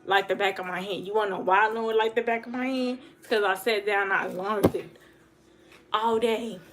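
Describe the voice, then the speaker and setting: A woman speaks straight to her livestream audience in a casual monologue. She talks quickly and earnestly and keeps coming back to her points to press them home. Her voice sits at an ordinary middle pitch. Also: steady tone, fairly bright tone. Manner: earnest, direct, repeats for emphasis; fast talker. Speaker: livestream host.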